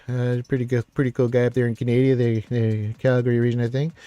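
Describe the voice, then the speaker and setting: A man's voice: mid-range voice, steady tone, a little fast, few pauses, dark tone, clean tone, dry recording. A man hosting a casual live stream, reading viewer comments aloud in an upbeat, rambling way with many fillers.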